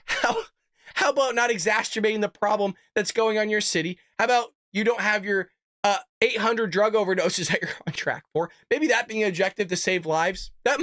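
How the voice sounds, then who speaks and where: A man's voice: high-pitched, fairly bright tone, no room sound, studio quality. Incredulous sarcastic male commentary host. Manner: talks straight to viewers. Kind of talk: reaction commentary on a news story.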